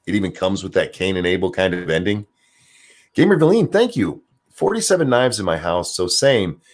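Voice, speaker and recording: A man hosting a casual livestream, reading viewer comments with sarcastic asides. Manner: animated, sarcastic, jumps high in pitch for jokes. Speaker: stream host.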